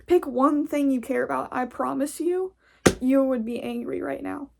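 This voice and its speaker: A young American woman hosts a podcast and vents in a blunt, profane, casual rant. Her voice is high with a gravelly fry running through it, and she sounds fed up. She talks at a normal speed over background noise.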